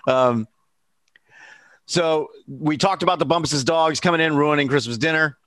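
A man co-hosting a casual chat, talking hesitantly with many fillers and quick reactions. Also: a little high, fairly bright tone, no echo. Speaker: podcast co-host.

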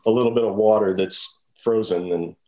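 Animated man retelling a film. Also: fairly low pitch, normal speed. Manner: animated storyteller who acts out scenes. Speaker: podcast co-host. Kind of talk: casual chat recapping a film.

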